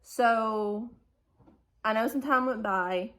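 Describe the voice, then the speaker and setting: A woman's voice: on the high side, slow. Woman telling a storytime. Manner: animated retelling, acting out quoted dialogue. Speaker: family vlogger. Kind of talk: storytime recounting a hospital stay.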